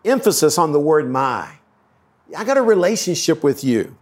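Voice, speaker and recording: A man preaching a sermon as a pastor, talking in an earnest, conversational way. His voice sits a little higher than most men's. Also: sing-song, normal speed.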